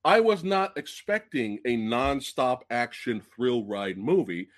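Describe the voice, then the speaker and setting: Excitable man with a lively voice. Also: unhurried. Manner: excitable, profane, swings from loud outbursts to low mutters. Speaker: podcast host. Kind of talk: casual movie review livestream.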